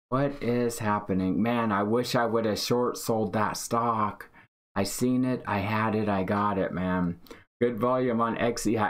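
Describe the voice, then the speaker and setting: A man hosting a live day-trading stream, excitedly reading out chat and calling trades. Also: on the low side. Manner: excited, hyped, reads chat aloud. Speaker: day-trading livestream host.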